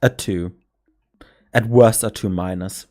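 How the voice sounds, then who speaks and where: A man's voice: fairly low pitch, takes it slowly, darkish tone. German man hosting a rambling stream. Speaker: game master and stream host. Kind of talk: casual stream chat, planning a campaign.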